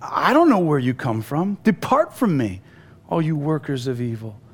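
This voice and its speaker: A man voicing a stern male master who gravely turns people away at a closed door. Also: a little high, very animated, moderate pace, pitched below the performer's own voice, exaggerated voice.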